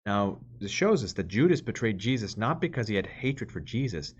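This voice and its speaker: A low-pitched man reads scripture and explains it in an earnest, explanatory way, leaning hard on important words. The recording is dull and lo-fi. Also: sing-song, normal speed, slight background noise. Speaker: priest leading a Bible study. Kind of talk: scripture reading with commentary.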